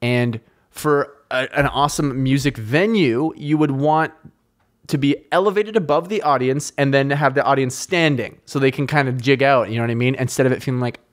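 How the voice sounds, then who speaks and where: A Canadian man hosting a podcast in casual chat, rambling and excitable, with heavy swearing. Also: mid-range voice, normal speed. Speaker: podcast host.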